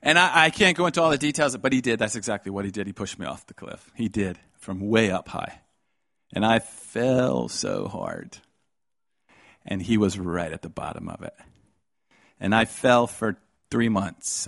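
Middle-aged male preacher, dramatic storyteller, big swings from hush to shout, dry close sound. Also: animated, unhurried, gravelly, long pauses, no room sound. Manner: dramatic, swings from hushed to loud and high. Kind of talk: sermon with storytelling.

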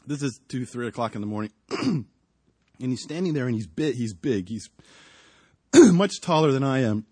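A middle-aged man preaching outdoors, telling a personal story, swinging between hushed and loud moments. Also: medium pitch, lively intonation, moderate pace, breathy edge, no room sound. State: coughing, clearing throat.

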